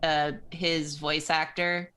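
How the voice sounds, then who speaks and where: A woman with a slightly low voice who speaks at an unhurried pace. She chats casually while drawing, answers briefly and laughs a lot. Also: clean tone. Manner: relaxed, laughs often, short replies. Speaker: co-host.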